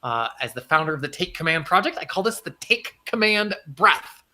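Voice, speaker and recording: Man, livestream coach, emphatic and repetitive, slightly high, bright tone. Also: sing-song, moderate pace. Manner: earnest, emphatic, repeats phrases for effect. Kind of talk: livestream talk and guided breathing.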